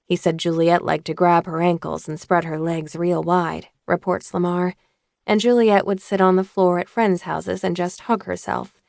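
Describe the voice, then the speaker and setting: A woman narrating an audiobook in a measured, even reading voice. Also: on the low side, gravelly, dry recording, clean studio sound.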